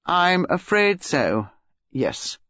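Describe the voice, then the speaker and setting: A woman voicing a courteous, grave older gentleman who speaks in a measured, polite way. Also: lowish voice, very animated, no room sound, exaggerated voice. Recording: slightly dull lo-fi audio.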